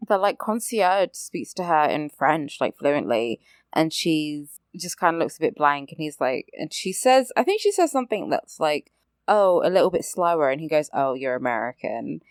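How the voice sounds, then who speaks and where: A woman's voice: sits low, very animated, normal speed, no echo, studio quality. A young woman co-hosting a podcast, recapping an episode with sarcastic, profane chat and many hesitant fillers. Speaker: podcast co-host.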